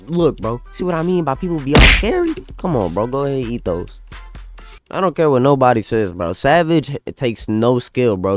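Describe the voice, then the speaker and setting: A young man giving live gameplay commentary, taunting opponents with repetitive, hyped trash talk. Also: medium pitch. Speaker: gaming YouTuber. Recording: loud game music and hit sounds behind.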